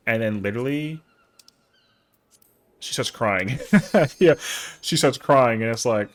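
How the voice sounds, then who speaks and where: Streaming an online game, this young man speaks slowly at a medium pitch, leaving long pauses. His casual gaming chat is full of slang and playful bragging jokes.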